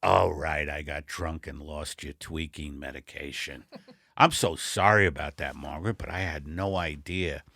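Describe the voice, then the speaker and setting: A man voicing Al, a bumbling, apologetic middle-aged husband, in a low mumbling voice in an improvised comedy sketch. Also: measured pace, sharp tone, dry recording, full character voice. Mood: sheepish. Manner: low, gravelly, mumbling and sheepish. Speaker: comedy podcast co-host.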